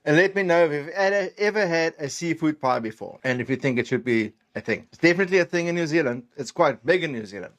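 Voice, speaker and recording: A man's voice: fairly high pitch, lively intonation, fast, few pauses, a bit bright. A man from South Africa chatting casually as he tastes and rates food, rambling and trailing off mid-sentence with self-deprecating asides. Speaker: food vlogger. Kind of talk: casual food-tasting chat.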